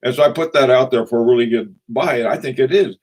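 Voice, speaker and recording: A man's voice: medium pitch, a little mellow. A man chats casually on a livestream, greeting viewers by name. His talk wanders and is full of chuckles, fillers and restarts. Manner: rambling, chuckling, halting with many fillers. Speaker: watch channel host.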